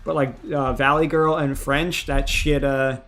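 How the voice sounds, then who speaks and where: A man's voice: mid-range voice, level tone, measured pace, fairly bright tone. Stammering, swearing male streamer. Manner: frank, swears often, stammers and restarts. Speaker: streamer host. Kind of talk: casual livestream chat.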